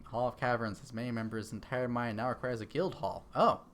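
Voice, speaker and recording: A man's voice: medium pitch, a little fast, a bit bright. A man streaming a game, chatting casually, thinking aloud and answering his chat into a desk microphone. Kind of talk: casual live-stream chat while gaming.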